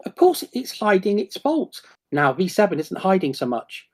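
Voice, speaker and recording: Husky, excitable man rambling. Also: high voice, moderate pace. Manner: excitable, rambling, lots of restarts and acted quotes. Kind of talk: excited casual chat.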